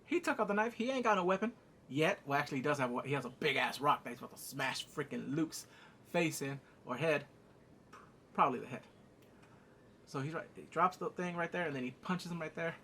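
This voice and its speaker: Brisk and slightly high-pitched, a man recaps a TV episode with lots of profanity, laughing as he goes and using sound effects to act out the scenes. He's an excitable show reviewer, and a little hiss or hum sits under the audio.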